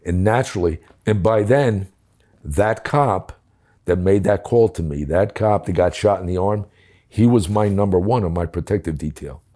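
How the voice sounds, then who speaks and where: Gruff older man. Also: low-pitched, moderate pace, dark tone. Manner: blunt, profane, conversational with reenacted dialogue. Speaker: former police commissioner. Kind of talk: casual storytelling.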